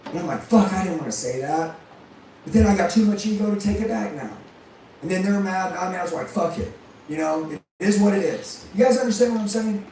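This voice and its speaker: A man's voice: high-pitched, fast talker, mellow, a little hiss or hum. Intense, profane man preaching in echoey hall. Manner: intense, profane, fires rhetorical questions at the crowd. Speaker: motivational speaker and sales trainer. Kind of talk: motivational speech to a live audience. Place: room with a live audience. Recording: very echoey room, mic far off.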